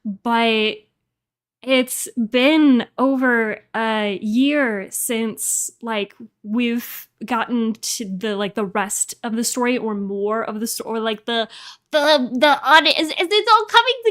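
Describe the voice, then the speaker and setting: A woman streamer chatting casually into a desk microphone, excited and rambling. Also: a little high, slow. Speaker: streamer reacting to her audio drama. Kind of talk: casual livestream chat.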